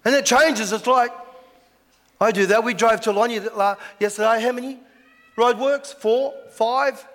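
A man's voice: extremely high pitch, measured pace, fairly bright tone. A man preaching a sermon as pastor, chatty, with lots of rhetorical questions. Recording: echoey hall.

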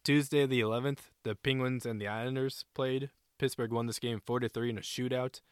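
A man co-hosting a casual sports podcast, animated and a bit profane, often acting out players' shouted lines. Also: mid-range voice, fairly quick, clear, resonant tone, dry recording, clean studio sound. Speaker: co-host.

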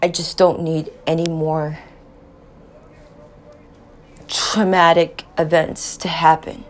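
A woman speaking slowly in an emotional personal monologue, grieving and tearful, often dropping to a near whisper. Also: sits low, flat delivery. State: tearful, in grief.

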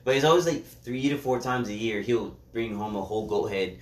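A man's voice: lowish voice, fairly quick, far from the mic. A young man in casual chat with friends, telling a rambling anecdote and acting out the quotes. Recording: echoey room.

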